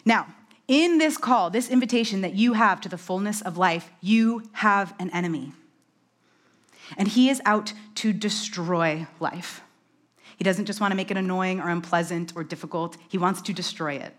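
A woman delivers a conversational sermon. She talks fast and animatedly and drops in quick self-deprecating asides. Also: medium pitch. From New York. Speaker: preacher.

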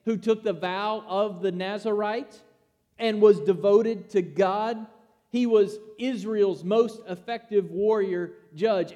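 A man's voice: high-pitched, mellow, long reverb tail. A man preaching a sermon, emphatic and asking rhetorical questions. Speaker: pastor.

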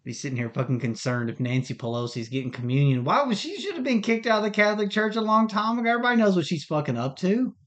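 A man's voice: high-pitched, expressive, fast talker, few pauses, a bit bright. A man hosting a podcast, ranting heatedly in a rambling, profane monologue. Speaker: podcast host. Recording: dull lo-fi recording.

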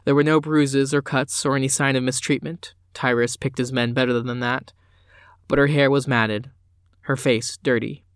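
A man's voice: mid-range voice, little pitch movement, moderate pace, clean tone, dry recording. Man narrating an audiobook, dry.

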